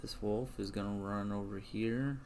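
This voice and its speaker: A man's voice: fairly low pitch, steady tone, moderate pace, creaky, darkish tone, slight background noise. A man narrating a tabletop game as game master, hesitant and full of fillers.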